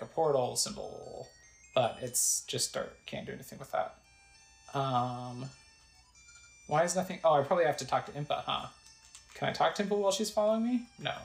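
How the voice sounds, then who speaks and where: A woman's voice: deep voice, vocal fry, roomy sound, poor audio. A woman casually narrating a video game playthrough, describing the screen and reading its text aloud. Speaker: gamer narrating a let's play.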